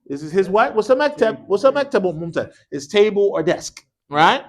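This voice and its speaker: A man with a high, very animated voice teaches an Arabic class at normal speed in a mosque classroom. He runs call-and-response drills, blends English with short Arabic phrases, and keeps asking the students "what?"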